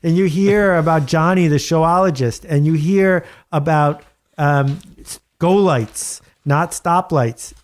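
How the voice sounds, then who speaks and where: A man being interviewed as a guest author. He tells stories in an animated, wry way and leans on emphatic repetition. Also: on the high side, takes it slowly. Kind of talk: conversational interview. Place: home studio.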